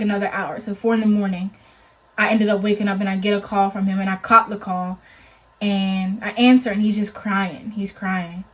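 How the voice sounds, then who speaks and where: Young woman vlogger rambling through a storytime, says "like" constantly, earnest tone, middle pitch. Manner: chatty, heavy use of "like"; earnest, cautionary. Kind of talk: casual storytime.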